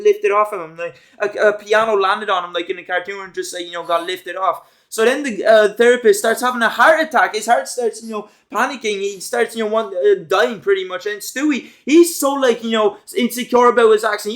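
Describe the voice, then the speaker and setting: A man's voice: high voice, a bit bright. A young man chatting casually as he recaps a cartoon, rambling and slangy with lots of fillers. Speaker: show commentator.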